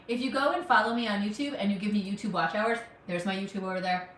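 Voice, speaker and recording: A woman's voice: mid-range voice, fast, a bit bright, distant mic. Chatty woman livestreaming from a kitchen. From United States. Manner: chatty, teasing, answers viewers' comments. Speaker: criminal defense lawyer cooking on a livestream. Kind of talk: casual livestream chat. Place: home kitchen. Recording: roomy kitchen audio, speaker off-mic.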